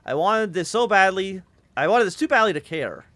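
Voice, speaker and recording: A man's voice: high voice, animated, normal speed, fairly bright tone, no echo. A man voicing a proud female cyborg who is wired into her airship, speaking with rapturous intensity. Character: cyborg woman airship captain, proud, ecstatic.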